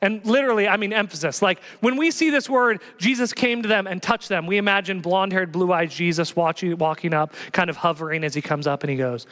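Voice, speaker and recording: A male pastor preaching passionately, swinging from hushed lines to loud exhortation. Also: sits high, fairly quick, few pauses. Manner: passionate, builds to shouting exhortations. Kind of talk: sermon. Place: church. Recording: long reverb of a church hall.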